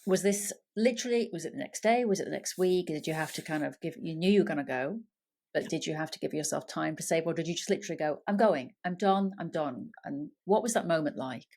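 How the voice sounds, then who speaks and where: Low-voiced woman host, reflective. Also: animated, quick pace, darkish tone. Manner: reflective, affirming questions. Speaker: podcast host. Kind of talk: interview conversation.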